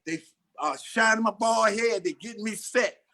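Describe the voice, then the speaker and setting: Middle-aged man, podcast guest, lively storyteller, slightly high voice, acts out dialogue. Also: normal speed. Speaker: actor and interview guest.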